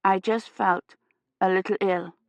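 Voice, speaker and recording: A woman voicing a frightened young historian, her words halting and shaky with fever. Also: mid-range voice, steady tone, no echo, lo-fi sound, lightly acted. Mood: feverish. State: teeth chattering with fever.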